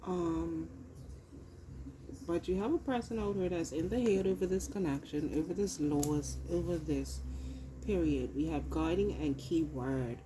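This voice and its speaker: A woman's voice: sits low, measured pace, background noise. A woman giving a casual tarot reading into her phone, blunt and profane, hammering points home with repetition. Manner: blunt and profane, emphatic repeats. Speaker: tarot reader.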